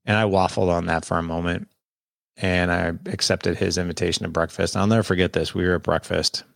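A man's voice: sits low, flat delivery, a little fast, creaky, dry recording, studio quality. A man, candidly telling a personal story as a podcast guest and acting out the dialogue. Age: 40s. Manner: candid, conversational, quotes people in dialogue.

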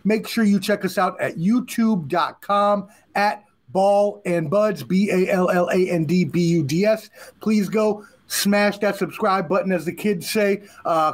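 A man hosting a podcast, wrapping up the episode in a hyped, playful way, full of slang and catchphrases. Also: sits high. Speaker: podcast host. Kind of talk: casual podcast sign-off.

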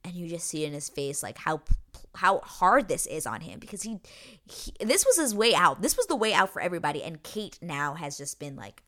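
A woman's voice: fairly low pitch, very animated, fairly quick, a bit bright. A woman hosting a podcast, recapping a show episode in an emotional, gushing, rambling way full of fillers. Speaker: podcast host. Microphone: podcast microphone.

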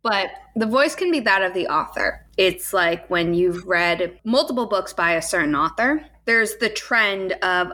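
A woman's voice: on the low side, animated, unhurried, pushed and bright. A woman co-hosting a podcast, explaining ideas in long, flowing casual talk. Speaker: podcast co-host.

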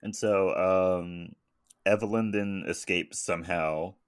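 Deep-voiced man, laughing podcast co-host. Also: unhurried, no room sound, studio quality. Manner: laughs often, retells scenes with quoted voices. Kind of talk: casual chat recapping a movie.

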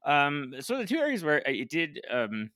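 A man's voice: on the high side, huge pitch swings, normal speed, bright, forceful tone, no echo, clean studio sound. A man hosting a podcast in casual chat, rambling with many fillers and restarts and acting out quoted lines. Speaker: podcast host.

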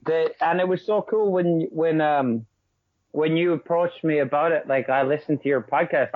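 A man's voice: medium pitch, no room sound. A man, talking brashly and swearing a lot in a casual podcast chat. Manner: brash, sweary, fast and animated. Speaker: podcast guest. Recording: tinny call line, dry.

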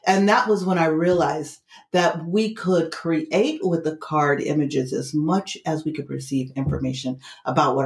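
A middle-aged woman with a slightly low voice tells a story as an interview guest, animated and slipping into the voices of the people she quotes. Her voice rings in a roomy, echoey space. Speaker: interview guest, tarot teacher. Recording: roomy echo.

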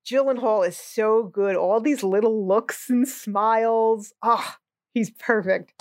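Woman co-host, a bit high, wry and sarcastic, dry close sound. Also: slow pace, dry recording. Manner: wry, sarcastic, laughs often. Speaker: podcast co-host. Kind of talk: casual movie discussion.

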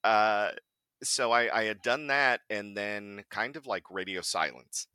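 Man, casual podcast chat, animated, voices other people, laughs a lot, dry recording. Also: fairly low pitch, unhurried, clean tone, no room sound. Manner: animated storyteller, acts out quotes, laughs often. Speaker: voice actor guest.

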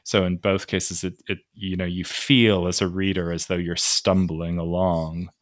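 A podcast host who asks probing questions about a poem, halting and correcting himself as he goes. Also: low-pitched, level tone. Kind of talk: casual podcast discussion of a poem.

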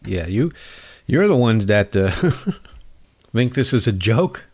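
A man's voice: on the low side, big pitch swings, slow pace, long pauses, darkish tone. A man hosting a talk show, delivering a sarcastic, angry monologue. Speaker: radio show host.

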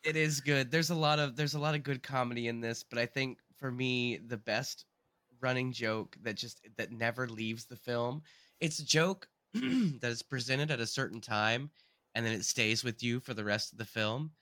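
A man's voice: mid-range voice, moderate pace, bright, forceful tone, no room sound. A man co-hosting a casual film podcast, throwing in dry, wry quips and short asides. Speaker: podcast co-host.

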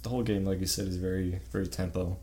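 Low-voiced man in relaxed chat. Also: a little hiss or hum. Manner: relaxed, halting, profane. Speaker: podcast co-host. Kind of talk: casual gaming chat.

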